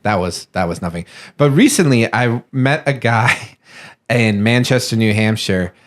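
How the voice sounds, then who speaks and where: A man's voice: medium pitch, measured pace. A young man from Long Island, a guest musician in a podcast studio, telling rambling stories with frequent laughs. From Long Island, New York. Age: young adult. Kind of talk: casual chat.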